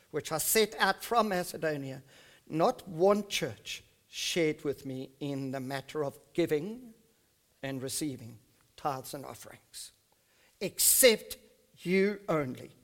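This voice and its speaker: A man in his fifties preaching a sermon to his church, reading scripture slowly and emphatically, then dropping his voice to soft asides. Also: a little high, lively intonation. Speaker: pastor. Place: church service.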